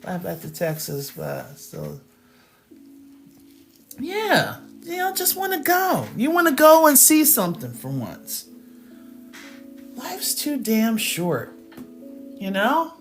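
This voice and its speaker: A woman hosting a math channel drifts into a casual, animated rant, laughing often and reacting to her live chat. Her pitch swings widely as she talks. Faint music plays underneath. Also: slow, vocal fry, long pauses. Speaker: math teacher and channel host.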